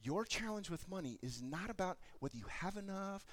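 A man preaching a sermon, telling stories in an animated way and acting out the voices of the people in them. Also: high voice, fairly quick. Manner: animated storytelling, acts out voices. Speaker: pastor.

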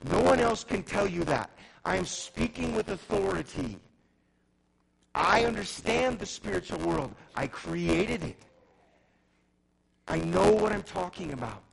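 A man preaching who speaks as a divine teacher declaring his authority, loud and emphatic, with a gravelly voice. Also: high-pitched, animated, unhurried, pauses often, full character voice, low-quality recording.

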